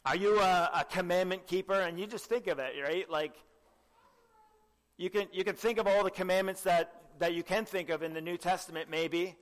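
A young man with a high-pitched voice preaches a sermon of earnest exhortation, frequently asking listeners direct questions and clearing his throat. The sound is that of a big room.

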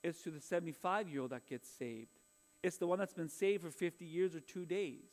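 A pastor in his forties delivers a sermon, speaking in a noticeably high voice. His manner is earnest and conversational, and he weaves personal stories in among his exhortations. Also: a little fast.

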